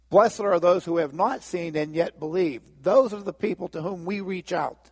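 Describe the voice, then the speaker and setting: Husky male pastor preaching in a hall. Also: sits high, normal speed, hardly any pauses. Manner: storytelling, acts out biblical dialogue with lively voices. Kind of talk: sermon.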